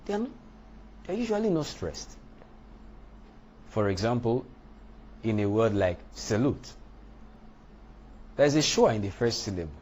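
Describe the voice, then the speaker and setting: A man teaching a lesson on English word stress, speaking deliberately and punching out example words. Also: medium pitch, sing-song, a little mellow, slight background noise. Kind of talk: lecture on English pronunciation.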